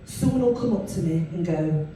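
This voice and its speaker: A woman's voice: lowish voice, moderate pace. A woman with a Leeds accent performing a chatty stand-up comedy set in a club. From northern England. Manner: animated, chatty, full of fillers. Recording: echoey club from far off with room noise.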